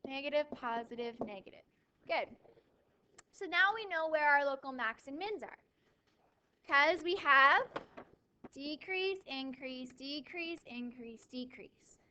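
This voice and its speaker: A woman teaching a math class, lively, asking questions and answering them herself, with a touch of dry sarcasm. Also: high voice, unhurried, dull audio. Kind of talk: classroom lecture.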